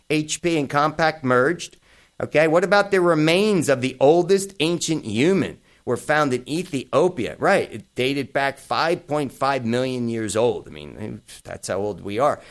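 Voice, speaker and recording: A middle-aged man hosting a podcast, giving blunt, profane opinion commentary in a casual style. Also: medium pitch. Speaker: podcast host.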